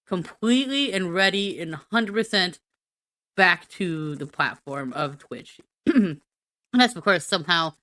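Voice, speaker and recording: Woman streamer, goofy rambling rant, bright ringing voice, dry close sound. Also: lowish voice, unhurried, no room sound. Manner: silly, rambling, self-mocking. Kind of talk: rambling be-right-back rant.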